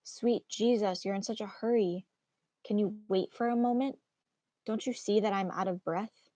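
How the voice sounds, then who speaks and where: A woman's voice: medium pitch, steady tone, normal speed, warm tone, no echo, lightly acted. A grumpy weary old nurse, read by a woman. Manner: complaining, sighing. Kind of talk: read-aloud of a play.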